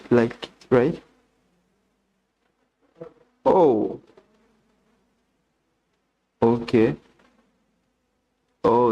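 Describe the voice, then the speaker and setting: A young man with a Ugandan English accent, chatting casually on a live stream, reading messages aloud and thinking out loud with restarts and questions. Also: medium pitch, lo-fi sound.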